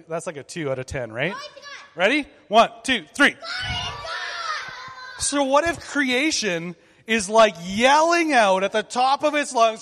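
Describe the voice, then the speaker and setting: Bright-voiced upbeat man leading kids. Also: high-pitched, big-room sound. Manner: upbeat, conversational, leads group call-and-response. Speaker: children's ministry leader. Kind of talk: interactive object lesson for kids.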